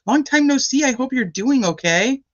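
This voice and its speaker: A woman's voice: high-pitched, animated, moderate pace. A woman hosting a casual live stream, rambling and greeting chat viewers by name. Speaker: livestream host. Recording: dull lo-fi stream audio.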